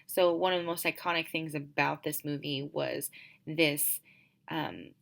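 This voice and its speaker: Young woman doing a class presentation, low voice, kinda gravelly, lots of ums. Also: fairly even intonation, unhurried, fairly bright tone. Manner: hesitant, many filler ums.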